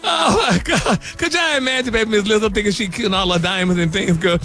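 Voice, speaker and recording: A man's voice: sits high, fast talker, pushed and bright. A flamboyant man hosting a celebrity gossip segment on a radio morning show, sassy and laughing, calling everyone honey and baby. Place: radio studio.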